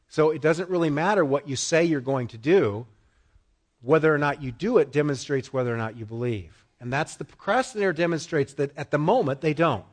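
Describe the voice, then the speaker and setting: Middle-aged male pastor, emphatic sermon delivery, repeats lines for weight, slightly high voice. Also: expressive, a little fast. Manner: emphatic, acts out quoted voices, repeats phrases.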